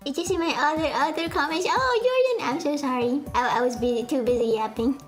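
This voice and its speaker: Young woman streamer, high-ish voice, casual rambling chat with self-mockery, faint background music. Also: fairly even intonation, quick pace. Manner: rambling, self-mocking, many fillers and restarts. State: sweaty.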